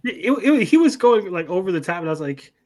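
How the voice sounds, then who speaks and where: A man co-hosting an anime review chat, retelling scenes in a lively, profane way with mock voices. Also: high-pitched, a little fast. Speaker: podcast co-host.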